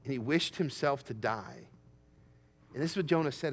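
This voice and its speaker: A man's voice: mid-range voice, moderate pace, big-room sound. A man preaching a sermon, reading scripture aloud and voicing the prophet with emphatic rises. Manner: emphatic, rising to excited peaks when voicing Jonah.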